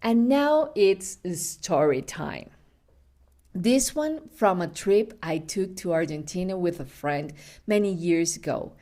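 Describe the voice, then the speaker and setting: A woman podcast host with a low, mellow voice and a slow, easy pace. She tells stories in a casual, chatty way and laughs now and then. She often stops to correct her own words. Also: expressive. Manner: unhurried, chatty storytelling with laughs and self-corrections. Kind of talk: casual food podcast with storytelling.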